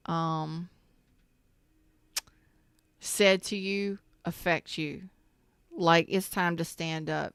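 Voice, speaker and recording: A woman's voice: lowish voice, fairly bright tone, smooth, no room sound. A woman doing a live tarot reading on a stream, chatty and slangy, greeting viewers by name and repeating herself. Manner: swears casually, slangy.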